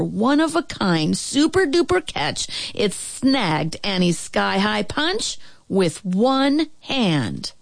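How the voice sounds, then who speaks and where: Expressive woman reading a children's story. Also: on the high side, vocal fry, no room sound. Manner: expressive, rising and falling with the action.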